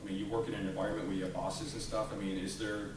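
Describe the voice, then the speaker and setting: A man's voice: lowish voice, flat delivery, very fast. A man giving a comedic motivational talk to a staff audience, joking and conversational, asking the room rhetorical questions. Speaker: motivational speaker. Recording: very echoey room, mic far off, background noise. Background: audience laughter.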